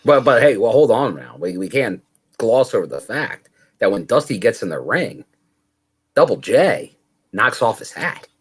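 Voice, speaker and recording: A man's voice: medium pitch, very animated, moderate pace, slightly rough. A man co-hosting a casual podcast review, chatty and acting out quoted lines. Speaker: podcast co-host. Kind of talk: casual chat.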